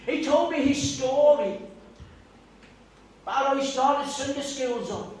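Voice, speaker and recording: An older man preaching a sermon as pastor, animated and asking his congregation questions. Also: very high voice, unhurried. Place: church hall. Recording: echoey church, distant mic.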